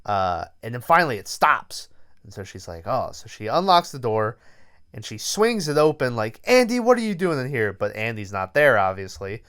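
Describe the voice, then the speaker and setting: Young guy, podcast co-host: clear, smooth voice, rambling, profane, filler-heavy recaps. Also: mid-range voice, a bit bright. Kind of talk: casual movie review chat.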